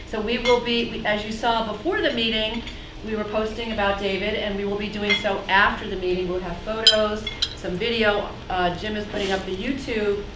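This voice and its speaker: A woman's voice: mid-range voice, heavy background noise. Friendly woman doing meeting announcements, echoey room, lots of dish clatter. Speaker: chapter social media volunteer.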